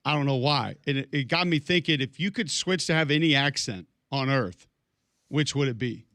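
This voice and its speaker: A man's voice: mid-range voice, moderate pace, sharp tone, dry recording, clean studio sound. Rambling male sports radio host. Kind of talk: casual morning radio chat. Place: radio studio.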